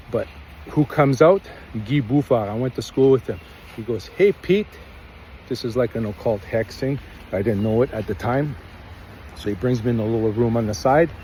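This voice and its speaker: Casting: Canadian man, mellow low-key tone, rambling first-person storyteller, faint street traffic behind. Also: low-quality recording. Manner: rambling, earnest, acts out quotes.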